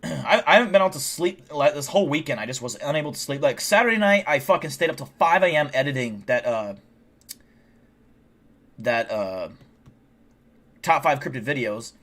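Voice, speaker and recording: A man's voice: fairly high pitch, lively intonation, moderate pace, pauses often, fairly bright tone. Tired, drunk man rambling on stream. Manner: rambling and profane, with frequent restarts. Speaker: livestream host. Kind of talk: casual rambling livestream chat.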